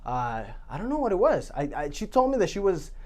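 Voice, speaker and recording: A man's voice: high-pitched, very animated, brisk, darkish tone. A man hosting his own vlog, chatting casually, rambling and joking and swearing freely. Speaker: vlog host. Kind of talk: casual solo vlog chat.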